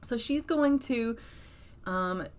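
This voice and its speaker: A woman's voice: on the high side, expressive, slow pace. A woman casually narrating her life-sim gameplay in a chatty, giggly, rambling way. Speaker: gaming channel host. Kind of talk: casual let's-play narration.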